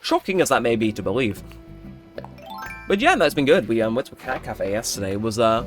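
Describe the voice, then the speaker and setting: A young man chats casually while he plays, his voice swinging widely and suddenly jumping high when he jokes or protests. Game music plays clearly underneath his talk the whole time. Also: very animated, fairly quick. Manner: chatty and joking, with sudden high-pitched exclamations. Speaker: gaming channel host. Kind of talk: casual gameplay commentary. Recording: game music playing behind.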